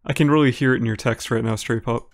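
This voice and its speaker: A man with an Upper Midwest American accent streams a game live, talking casually with his viewers. His voice sits at an ordinary middle pitch, and his delivery is easygoing and chatty, with light laughs as he reads and answers chat messages. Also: fast talker, vocal fry. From Minnesota, United States. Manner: relaxed and chatty, laughs easily, talks to viewers by name. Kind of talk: live gameplay commentary, reading chat aloud.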